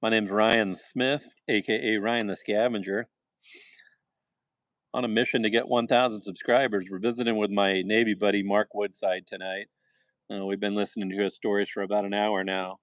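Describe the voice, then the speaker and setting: A man chats and tells jokes by a fire in an unhurried, folksy way. His voice sits a bit low and sounds dry and close, with little room around it. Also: little pitch movement, fairly bright tone, dry recording. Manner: folksy storyteller, easygoing with fillers. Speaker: host. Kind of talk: casual fireside chat. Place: outdoors by a fire.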